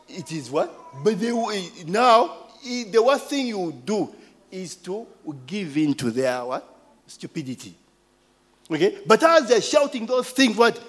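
Ugandan man, preacher, forties, high voice, unhurried, animated storytelling. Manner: animated storytelling, call-and-response asides. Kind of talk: sermon with personal stories.

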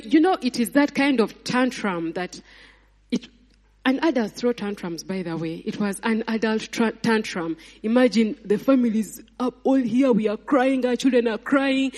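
A married woman preaching a sermon in a church hall, her voice pitched a little high and ringing with long reverb. She talks in a lively, animated way, acting out scenes and laughing. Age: adult, married mother. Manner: acts out voices of people and God in her retelling.

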